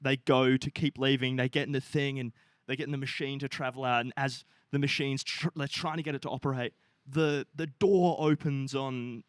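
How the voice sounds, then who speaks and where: Animated young man, dry sound. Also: mid-range voice, normal speed, no echo. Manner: animated, swearing, acting out characters' lines. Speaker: podcast co-host. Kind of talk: casual chat, retelling a film plot.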